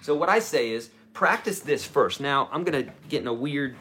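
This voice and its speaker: A man's voice: medium pitch, lively intonation, normal speed, sharp tone, a little hiss or hum. A man in his forties, a guitar teacher giving a casual, encouraging livestream lesson with chatty, self-deprecating asides. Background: guitar playing.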